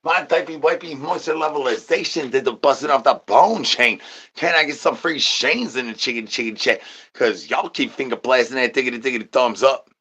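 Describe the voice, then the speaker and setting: Man streamer, bright edgy tone, rambling nonsense comedy, stutters words over and over. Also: mid-range voice, brisk, breathy edge. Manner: sing-song rhyming catchphrases. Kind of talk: absurd comedic rant.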